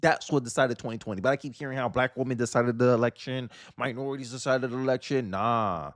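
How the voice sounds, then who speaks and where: A man's voice: mid-range voice, quick pace, no room sound, clean studio sound. A man from Florida hosting casual political commentary, talking emphatically with slang and frequent restarts.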